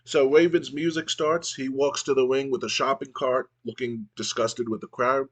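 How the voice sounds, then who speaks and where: A man's voice: medium pitch, steady tone, moderate pace. A man casually narrating a wrestling game playthrough. He rambles, with many fillers and restarts.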